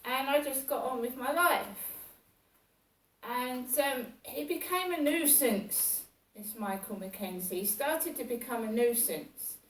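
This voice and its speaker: A woman telling a personal story in a rambling, halting way, full of fillers and restarts. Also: high-pitched, lively intonation, slight background noise. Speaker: vlogger. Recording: roomy sound from a distance.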